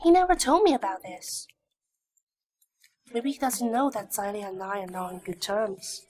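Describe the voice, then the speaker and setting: An actress playing a sharp-tongued, unflappable young wife in a dubbed drama, brisk and teasing. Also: female voice, medium pitch, slight background noise, lightly acted. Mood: cool. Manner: brisk and teasing, dryly mocking.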